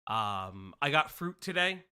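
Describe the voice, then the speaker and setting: An American man hosting a casual livestream commentary, rambling and excitable with lots of stammered restarts. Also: mid-range voice, a little slow, clean tone. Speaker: streamer host.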